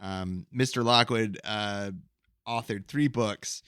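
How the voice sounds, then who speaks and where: A man's voice: fairly low pitch, fairly even intonation, slow pace, fairly bright tone, clean tone, no room sound, clean studio sound. A man co-hosting a podcast, explaining a topic casually with wry, joking asides. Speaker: podcast co-host.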